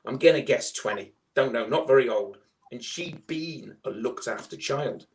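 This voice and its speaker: A middle-aged man with a Liverpool accent telling his fostering story in a loud, chatty, animated way. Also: medium pitch, moderate pace. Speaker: foster carer guest. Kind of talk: casual storytelling.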